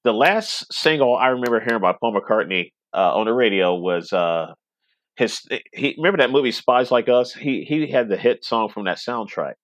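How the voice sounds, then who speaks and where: A man's voice: mid-range voice, animated, moderate pace, no echo. Chatty middle-aged man, dry sound. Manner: chatty, rambling, laughs often. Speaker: web radio station owner, podcast guest. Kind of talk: casual podcast conversation.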